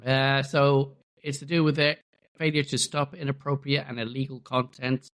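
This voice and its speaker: A man in his thirties talks casually as a podcast co-host, pausing often on fillers as he gathers his words. His voice sits at a mid pitch. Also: level tone, fairly bright tone. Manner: hesitant, full of "uh" fillers. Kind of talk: casual chat.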